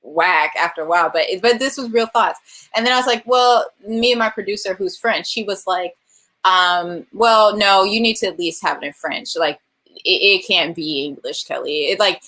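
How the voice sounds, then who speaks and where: Animated Californian woman telling a story. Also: lowish voice, normal speed. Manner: animated, laughs often, acts out quoted voices. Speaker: film director. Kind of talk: virtual interview storytelling. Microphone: video call.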